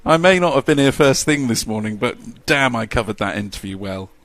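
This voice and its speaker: A man's voice: mid-range voice, lively intonation, brisk, a bit bright. A man commentating a live model car race, chatty and jokey, reading out lap times.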